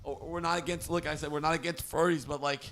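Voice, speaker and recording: Young male co-host with a high voice, stammers through a fake-emotional rant. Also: fairly even intonation, fast, fairly bright tone. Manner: stammering, repeats himself, mock-emotional. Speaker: comedy show co-host. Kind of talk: mock-earnest comedic rant.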